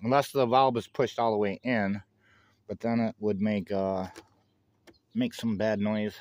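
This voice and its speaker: A man narrating his workshop project in a relaxed, chatty way, talking while he works outdoors. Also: fairly low pitch, measured pace, a little hiss or hum. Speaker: DIY off-grid vlogger.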